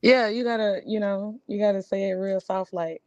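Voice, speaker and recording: A woman with a Southern US accent co-hosting a casual barbershop-style chat, talking in a loose, animated way full of fillers. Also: mid-range voice, moderate pace, few pauses. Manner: animated, drawling, lots of fillers. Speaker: podcast co-host.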